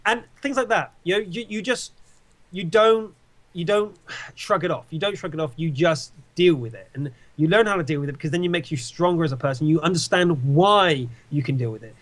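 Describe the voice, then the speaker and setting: A man's voice: fairly high pitch, fairly quick. A young man giving casual advice and telling stories in an interview, emphatic and repetitive. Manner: animated, emphatic, repeats himself. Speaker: interviewee, game caster.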